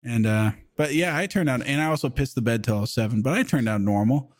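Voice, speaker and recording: A man in his thirties chatting casually on a podcast, telling profane stories with lively impressions of others. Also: fast. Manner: profane, animated storyteller, acting out others' lines in a high voice. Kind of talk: casual chat, storytelling.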